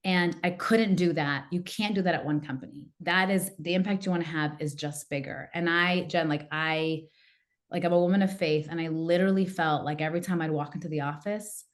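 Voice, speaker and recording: A woman, a coach and podcast guest, telling a personal story in a lively way and acting out what her family said. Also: fairly low pitch, a little fast. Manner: animated, acts out quoted family members. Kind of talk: casual interview storytelling.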